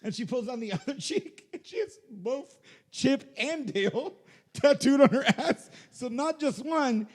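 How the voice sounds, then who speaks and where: A man co-hosting a podcast, telling an embarrassing story in casual, animated chat, swearing freely and breaking into laughter. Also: very high-pitched, a little slow, long reverb tail. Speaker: podcast co-host. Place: podcast studio.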